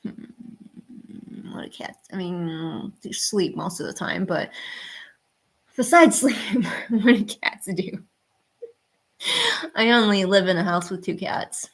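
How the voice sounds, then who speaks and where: With a mid-range voice, this woman speaks slowly and pauses often. She's streaming live from home while she draws, chatting away to her audience, her cats, and the chat.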